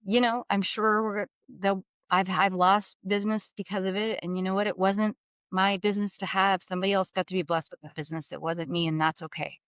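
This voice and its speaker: A middle-aged woman as a podcast guest, telling candid, animated stories and acting out the voices she quotes. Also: mid-range voice, a little fast, smooth, no room sound. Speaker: guest, mortgage business leader. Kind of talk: candid storytelling interview. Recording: slightly dull studio sound.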